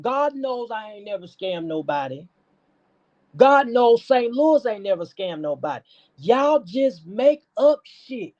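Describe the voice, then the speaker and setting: A woman's voice: a little high, sing-song, takes it slowly, a little mellow. A woman hosting a livestream, preaching at and scolding someone in a profane call-out rant. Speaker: stream host. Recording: dull lo-fi stream audio.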